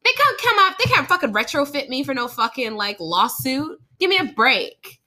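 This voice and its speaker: A bright, crisp-toned woman chats casually as a podcast co-host. She tells stories in an animated way, swears freely, and acts out the people in them. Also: high-pitched, moderate pace. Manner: animated, swearing, storytelling with voices.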